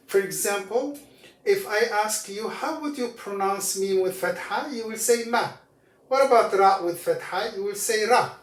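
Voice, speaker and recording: A man teaching Arabic letters and vowel marks, speaking slowly and patiently and repeating each word for the learner. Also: sits high, roomy sound. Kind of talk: language lesson.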